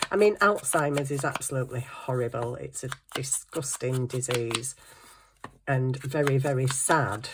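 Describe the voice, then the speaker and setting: Woman, middle-aged, casual chatty storytelling, laughs a lot, slightly low voice. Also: background noise. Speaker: craft vlogger. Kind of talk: casual chat.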